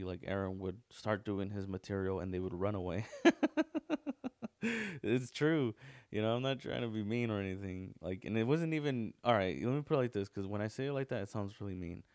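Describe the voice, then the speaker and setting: A man's voice: on the low side, darkish tone, no room sound, clean studio sound. A man hosting a podcast, telling a story in a casual, rambling way with lots of swearing, fillers and restarts. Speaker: podcast host.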